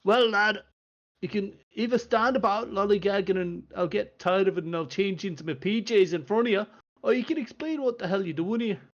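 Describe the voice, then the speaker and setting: A man voicing a gruff, impatient male dwarf chief who swears and calls everyone lad. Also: high-pitched, fairly quick, lo-fi sound, pitched above the performer's own voice, natural voice. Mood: irritated.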